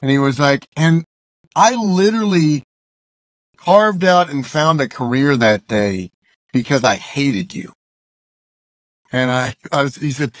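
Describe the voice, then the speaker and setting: A man from Arkansas, a guest in a relaxed interview, spins a story and slips into the voices of the people he quotes. His pitch sits mid-range for a man. The sound is close and dry, with no room echo. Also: unhurried, pauses often. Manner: loose, chatty storyteller who acts out quoted dialogue. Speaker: guest, musician and youth speaker.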